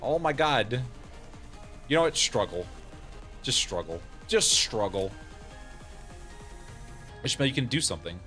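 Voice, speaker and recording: A man's voice: medium pitch, very animated, a little slow, long pauses, sharp tone, faint music behind. A man streaming a game in casual let's-play commentary, joking, laughing often and reading game lines aloud.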